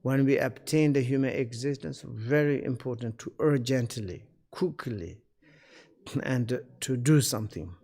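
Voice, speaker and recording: Slow, halting male teacher in reverberant room. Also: medium pitch, warm tone. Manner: halting non-native English, searching for words; unhurried, frequent fillers and throat-clearing. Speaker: Buddhist teacher. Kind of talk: spiritual teaching seminar.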